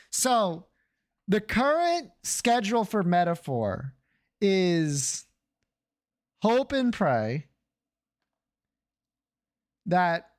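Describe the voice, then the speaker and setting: A game streamer in casual chat with viewers, joking and swearing freely. The speech is slow and drawn out. The pitch swings in a lively, animated way.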